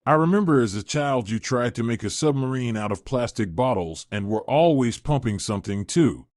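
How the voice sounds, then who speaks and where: A man voices an older mother fondly remembering her son's childhood. His mid-range, slightly mellow voice is close to an everyday one, with lively intonation and a moderate pace, recorded dry and clean in a studio.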